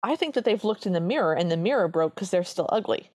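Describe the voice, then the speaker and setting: A woman's voice: mid-range voice, animated, quick pace, darkish tone, breathy edge, no room sound, clean studio sound. A woman co-hosting a podcast, chatting earnestly as she reviews an old cartoon. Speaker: podcast co-host. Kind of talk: casual chat reviewing a cartoon.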